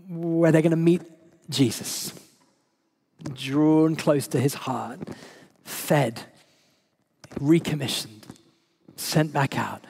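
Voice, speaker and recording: A man's voice: fairly high pitch, darkish tone. A man preaching a sermon as a priest, telling stories conversationally and emotionally, with frequent laughs. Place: church service.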